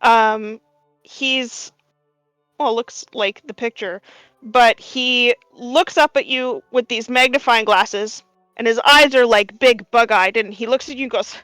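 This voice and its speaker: A woman acts as game master, describing a workshop scene at a slow, careful pace. Her voice sits on the higher side and she fills pauses with ums and likes. The sound is close and dry. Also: fairly even intonation, fairly bright tone, no echo, soft background music. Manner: unhurried descriptive narration with many fillers. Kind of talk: narrating a tabletop game.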